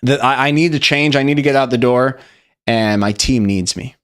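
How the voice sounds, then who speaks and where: A man's voice: medium pitch, moderate pace, a bit bright, clean tone. A young man hosting a live stream, reacting loosely and profanely to memes, rambling and chatty. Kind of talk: casual live-stream meme review.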